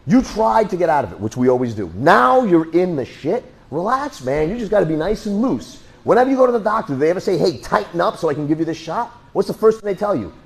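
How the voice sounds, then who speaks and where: A man teaching a self-defense class in a blunt, joking, animated way. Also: sits high, quick pace, gravelly, few pauses, slightly rough. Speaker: martial arts instructor.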